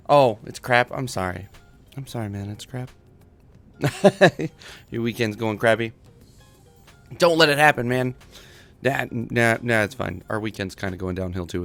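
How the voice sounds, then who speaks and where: A man's voice: mid-range voice, gravelly, fairly bright tone. A man chatting casually with viewers on a livestream from home. He is laid-back, chuckles often and calls people "man". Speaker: streamer. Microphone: desk microphone.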